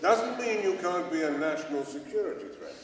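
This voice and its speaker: A man's voice: a little high, expressive, fairly quick, lightly acted. A man playing a smug government adviser. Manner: smug, breezy answers. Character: smug male government adviser, evasive and self-satisfied. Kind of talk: live comedy sketch. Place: large old church used as a cabaret venue. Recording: echoey church hall from far off.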